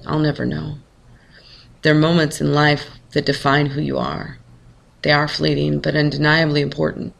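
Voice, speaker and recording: A man calmly reading a first-person short story aloud in a measured way. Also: a little high, creaky. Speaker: narrator.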